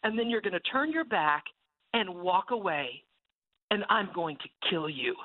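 A woman voicing a menacing spirit of sin that speaks through a mountain lion. She uses a low, taunting hiss in whispered role-play over a tinny phone line. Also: lively intonation, measured pace.

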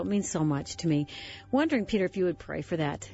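A woman's voice: fairly low pitch, lively intonation, fast talker, a little mellow, muffled recording, soft background music. A woman hosting a Christian talk show, affirming her guests and asking them questions. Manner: encouraging, affirming interjections. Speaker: host.

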